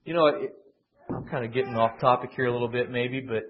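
A man's voice: medium pitch, steady tone, a little fast. A man teaching a conversational Bible lesson, digressive and emphatic, often restarting his sentences. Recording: dull lo-fi classroom recording.

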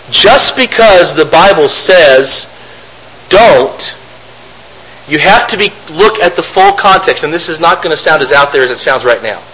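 A man delivers a sermon in a high, ringing voice. He reads scripture passages aloud and then explains them, asking the listeners rhetorical questions and mocking opposing arguments. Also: bright, forceful tone, poor audio. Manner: mocks opponents' arguments in a raised voice. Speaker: preacher.

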